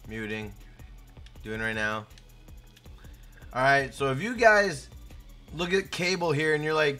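A man's voice: mid-range voice, measured pace, long pauses, soft background music. A young man live-streaming a game, chatting casually and hyping up his chat by name. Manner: hyped, shouts out chat names.

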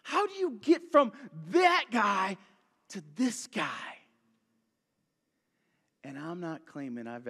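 A man giving a sermon as a guest pastor, telling the story with lots of energy, jumping from loud bursts to quiet asides and joking with the congregation. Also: medium pitch, big-room sound. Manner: animated storytelling, swinging between loud bursts and hushed asides; jokey, talks straight to the congregation.

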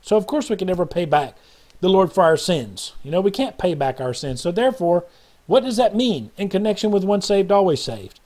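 Male preacher with a high, mellow voice, delivering an earnest, rambling sermon to camera. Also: expressive, a little fast. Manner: earnest, rambling, preachy, acts out quotes in a parable. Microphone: webcam or phone video.

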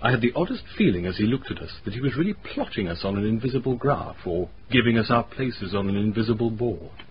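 A precise, sardonic gentleman who recounts events in a dry manner and a lowish voice. The recording is muffled old radio with a faint hiss. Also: very animated, fast. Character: dry, urbane English gentleman, Mr Gilby.

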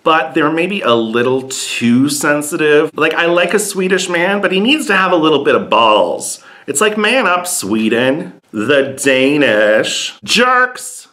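Sassy, bright-voiced comedian man. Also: a little high, a little slow, few pauses. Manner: sassy, campy, blunt. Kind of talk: comedic monologue.

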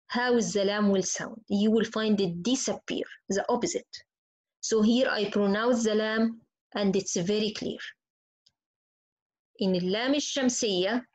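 A woman teaching Quran recitation, slowly and patiently repeating each example word. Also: medium pitch, darkish tone, low-quality recording. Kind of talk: slow tajweed lesson with spoken examples.

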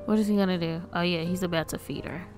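A woman's voice: fairly low pitch, fairly even intonation, fast, a little mellow, soft background music. A woman casually narrating a life-sim game, chatty and amused, talking to the characters on screen. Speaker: game streamer.

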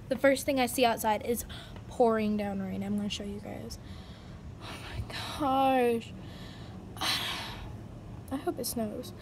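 A teenage girl vlogs from home on a handheld phone. Her voice sits high, and she sounds frightened and jittery, slipping into breathy asides. Faint ambient noise sits behind her. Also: a little mellow. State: frightened and shaking. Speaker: vlogger. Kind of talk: casual vlog. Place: indoors at home by a window.

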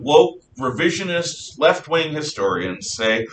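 A man teaching a history class, lecturing in a lively, opinionated way and sometimes spelling words out slowly. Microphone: distant room mic. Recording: echoey classroom from far off with faint rumble.

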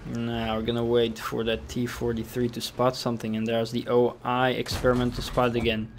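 A man's voice: medium pitch, monotone, normal speed, a little hiss or hum. A young man casually commenting over his own tank game replay, thinking aloud with fillers and restarts. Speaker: gameplay commentator.

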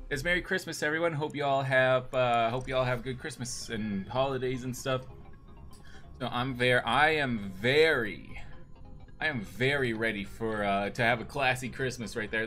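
A man's voice: mid-range voice, bright, forceful tone. Upbeat male streamer greeting chat. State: hyped on energy drink. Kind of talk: casual live-stream chat.

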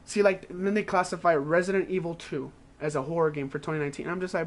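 A man streaming games who rants in a casual, rambling way, swearing constantly and acting out his own reactions in quick asides. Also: fairly high pitch, steady tone. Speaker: game streamer. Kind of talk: casual profane gaming rant.

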